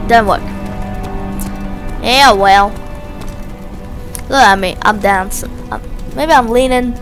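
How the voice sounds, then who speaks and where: A woman's voice: fairly high pitch, measured pace, pauses often, music in the background. A woman giving playful, jokey let's play commentary, talking to the objects in the game. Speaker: gamer.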